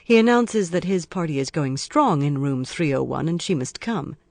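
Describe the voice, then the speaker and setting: An audiobook narrator reading a crime thriller in a measured, even storytelling manner. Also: mid-range voice, vocal fry, no room sound, clean studio sound.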